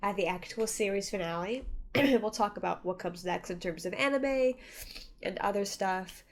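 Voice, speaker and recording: A woman's voice: medium pitch, moderate pace. A woman with a stuffy nose giving a rambling, chatty anime reaction, laughing often. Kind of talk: casual reaction commentary.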